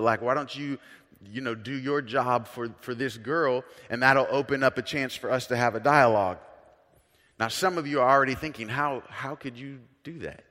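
A male pastor preaching a sermon as a story, conversational and earnest, swinging between soft, hushed lines and loud emphatic ones. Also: medium pitch, in a large hall.

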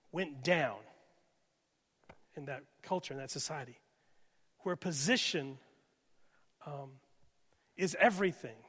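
A male pastor preaching a sermon with dynamic delivery, moving from loud emphasis to hushed near-whispers. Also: high-pitched. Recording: reverberant hall.

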